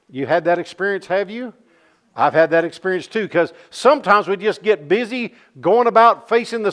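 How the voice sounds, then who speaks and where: A man with a notably high speaking voice delivers a church sermon. He preaches in a folksy, storytelling manner and keeps checking in with the congregation through rhetorical questions. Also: fairly bright tone. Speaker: pastor.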